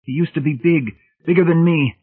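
A man's voice: fairly high pitch, normal speed, slightly rough, no echo, voice pushed up. A desperate man pleads in a strained, raised voice, as a male narrator acts him out. The sound is thin and narrow, like it's coming down a phone line. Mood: pleading. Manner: pleading, distraught. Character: anguished grown man, a lost believer pleading. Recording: tinny phone-like band.

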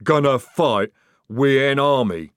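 A man voicing a huge, slow male troll recruit who speaks in blunt, halting words. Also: mid-range voice, a bit bright, clear, resonant tone, no echo, clean studio sound, pitched above the performer's own voice.

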